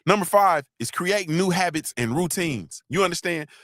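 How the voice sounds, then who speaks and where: A man hosts a motivational livestream, joking and preaching straight to his viewers. His voice sits a bit high. The sound is dry and close, with no room echo. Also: animated, normal speed, a bit bright. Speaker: livestream host. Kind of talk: casual motivational livestream talk.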